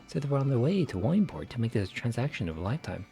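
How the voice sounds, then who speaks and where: Man playing a quick, lively tavern keeper, salesy and sly, mid voice. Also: medium pitch, vocal fry, faint music behind. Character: chatty male tavern keeper, sly and hospitable.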